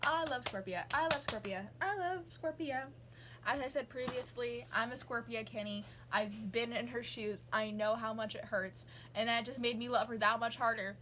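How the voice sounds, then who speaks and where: A woman's voice: fairly high pitch, fairly even intonation, moderate pace, background noise. A young woman, rambling casually as a vlogger with lots of fillers and asides. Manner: rambling, gushing, many fillers. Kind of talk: casual chat.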